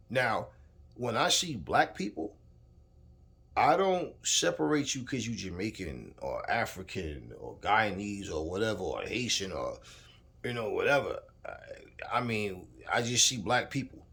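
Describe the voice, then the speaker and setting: A man's voice: on the low side, big pitch swings, measured pace, creaky, a bit bright. A man giving a heated, profane rant about boxing, repeating himself and addressing the fighter directly. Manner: heated, profane, repetitive, talks straight at the subject. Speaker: boxing commentator. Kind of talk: casual ranting commentary.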